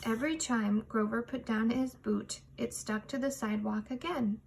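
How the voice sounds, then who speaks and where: A woman reading a children's picture book aloud, expressive and measured. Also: on the high side, vocal fry, slight background noise. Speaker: storytime reader.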